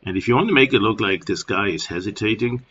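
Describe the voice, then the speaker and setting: A man with a German accent casually walking through a software tutorial at his computer, rambling with plenty of filler words. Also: on the low side, fast talker, slightly rough. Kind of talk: casual screen-recording tutorial. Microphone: computer microphone. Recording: dull lo-fi screen recording.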